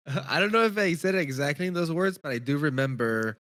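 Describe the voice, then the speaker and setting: A man's voice: a little high, lively intonation, a little fast, a bit bright, no room sound, clean studio sound. A man co-hosting a podcast in casual chat, hesitant, correcting himself and laughing a lot. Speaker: podcast co-host.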